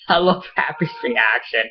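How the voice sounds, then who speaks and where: A man casually recapping a TV episode at home, excitable and swearing, rambling with lots of fillers. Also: on the high side, slow pace, husky, dull audio. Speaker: show reviewer. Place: home with a pet cat.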